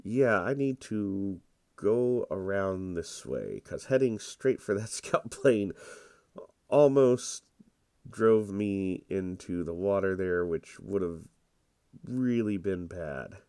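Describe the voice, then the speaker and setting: Slow, deep-voiced congested man commentating. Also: clear, resonant tone, dry recording, clean studio sound. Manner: relaxed, rambling and self-deprecating. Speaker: gameplay commentator. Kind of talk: casual gameplay commentary.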